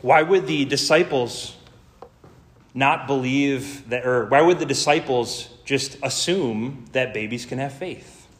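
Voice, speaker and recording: A man's voice: medium pitch, a bit bright. A man preaching a sermon in an earnest, emphatic way, building lists and drawing out key words. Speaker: pastor.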